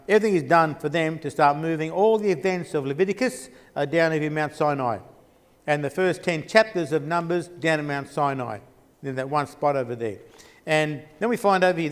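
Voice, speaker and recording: Rambling man teaching in a hall. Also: on the high side. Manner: rambling, restarts often, pointing at a map. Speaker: Bible teacher. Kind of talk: church Bible geography class. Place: church hall.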